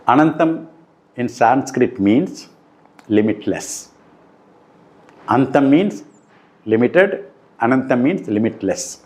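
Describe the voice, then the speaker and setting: Man teaching slowly. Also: medium pitch, darkish tone. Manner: slow, deliberate explaining, emphatic on key points. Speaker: spiritual teacher. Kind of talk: recorded spiritual talk. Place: room indoors.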